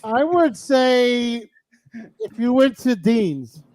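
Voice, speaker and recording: A man's voice: very high-pitched, very animated, drawn-out words, a little mellow. A man hosting a live radio stream in a casual, chatty way, breaking off to greet people in the chat room. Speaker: radio show host.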